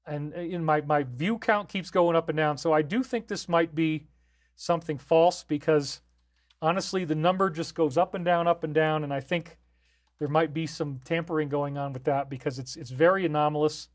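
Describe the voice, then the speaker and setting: Guy reading out live chat on his stream, fairly high voice, laid back and rambling. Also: steady tone, moderate pace. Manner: reads viewer comments aloud and answers them; easygoing, talks off the cuff.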